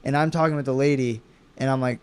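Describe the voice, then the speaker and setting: A man's voice: mid-range voice, fast talker, clear, resonant tone. A man from Alaska, co-hosting a casual podcast, telling a story with lots of swearing and acted-out dialogue. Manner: animated storyteller, swears a lot, acts out dialogue. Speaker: podcast co-host.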